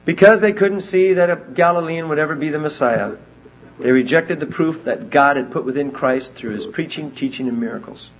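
A man's voice: a little high, fairly quick. Emphatic man teaching Bible verses, lo-fi. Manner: emphatic, animated, reads scripture aloud in King James wording. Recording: dull lo-fi recording.

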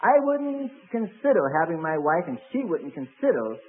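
A man's voice: fairly high pitch, big pitch swings, normal speed, phone-quality sound. A man preaching a sermon as pastor, telling stories with many fillers and acted quotes.

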